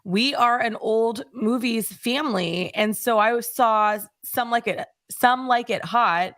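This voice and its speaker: A woman co-hosting a podcast in casual chat, talking expressively with quick asides. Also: fairly high pitch, fairly bright tone, dry recording, clean studio sound. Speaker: podcast co-host.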